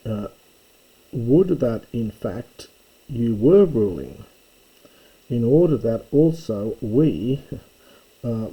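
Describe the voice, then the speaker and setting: A man teaches the Greek New Testament verse by verse, explaining words slowly and carefully, often correcting himself and using fillers. His voice is mid-range and slightly rough. The recording has its highs cut off.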